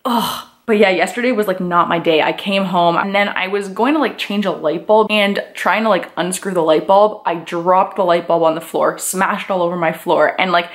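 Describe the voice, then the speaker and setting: A woman's voice: lowish voice, moderate pace. A woman, chatting candidly to her camera in a casual vlog and saying "like" a lot. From Canada. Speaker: lifestyle vlogger.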